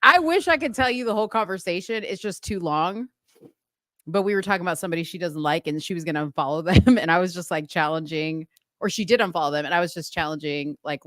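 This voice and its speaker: A woman's voice: low voice, quick pace, no room sound, studio quality. A woman co-hosting a casual live-stream chat, telling stories animatedly and laughing often. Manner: giggly, animated storyteller. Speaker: co-host.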